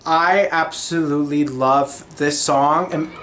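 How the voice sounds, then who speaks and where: A man's voice: fairly high pitch, fairly even intonation, takes it slowly, noisy background. A young man hosting a casual solo podcast, gushing and chatty, full of "like" fillers and sung snippets. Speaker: podcast host.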